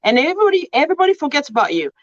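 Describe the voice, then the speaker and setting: A woman co-hosting a motivational podcast tells stories with animated emphasis. Her voice sits high and swoops widely. The sound is dry and slightly dull. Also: very fast, dry recording. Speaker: podcast co-host.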